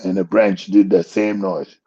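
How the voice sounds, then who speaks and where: A man's voice: deep voice, little pitch movement, measured pace, dark tone, slightly rough, muffled recording. A man hosting a talk show, telling a rambling joke in casual chat and chuckling at his own punchlines. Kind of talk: casual storytelling commentary.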